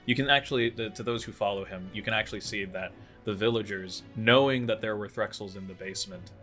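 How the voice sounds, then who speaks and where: A low-voiced man runs a tabletop game, explaining rules and narrating the scene. He stumbles over his words with frequent fillers and restarts. Faint music plays behind him. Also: fast, pushed and bright. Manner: hesitant, many fillers and restarts. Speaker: game master.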